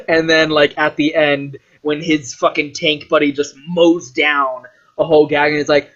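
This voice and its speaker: A man rambling casually about a film, full of fillers and swearing, animated as he goes. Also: fairly high pitch, moderate pace, few pauses, highs cut off. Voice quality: filler-heavy, profane, animated. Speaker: vlogger reviewing a film.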